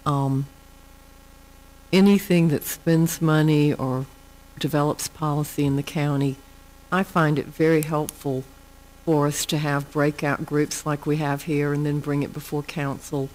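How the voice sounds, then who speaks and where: A woman council member speaking in a measured way at a county council meeting. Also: low-pitched, flat delivery, a little mellow, poor audio.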